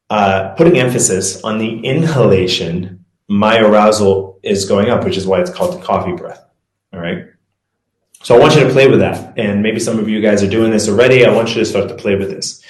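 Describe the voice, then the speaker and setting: Guy coaching breathing, kinda low voice, loose chatty delivery, echoey room. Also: moderate pace. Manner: conversational, loose, with fillers and self-corrections. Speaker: mindset and performance coach. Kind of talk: casual presentation with guided breathing.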